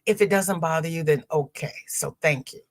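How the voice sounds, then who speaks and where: A woman's voice: low-pitched, moderate pace. A middle-aged woman hosting a live stream, chatting casually and rambling between greetings to viewers by name. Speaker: livestream host.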